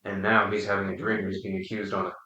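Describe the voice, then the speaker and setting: A man leading a casual book discussion, explaining his thoughts carefully with frequent pauses. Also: sits low, flat delivery, bright, forceful tone, muffled recording. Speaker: book study discussion leader. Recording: roomy, distant mic.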